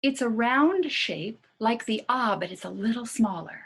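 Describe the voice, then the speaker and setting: A woman teaching a singing lesson, calmly guiding listeners through gentle breathing and vowel exercises. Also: on the high side, a little slow, vocal fry, breathy edge. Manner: calm, coaching breath instructions. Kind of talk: guided voice lesson.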